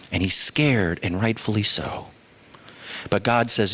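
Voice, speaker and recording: A male pastor delivering a sermon, moving between slow, weighty lines and quick, chatty asides. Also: lowish voice. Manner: animated, shifts between slow emphatic phrases and quick asides.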